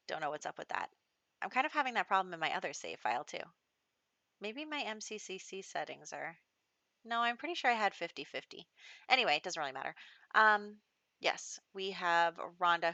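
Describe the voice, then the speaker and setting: Chatty woman with a bright, low-set voice. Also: dry recording. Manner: chatty, laughs often, acts out characters' lines. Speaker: gameplay host. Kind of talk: casual gameplay commentary. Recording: dull, dry lo-fi recording.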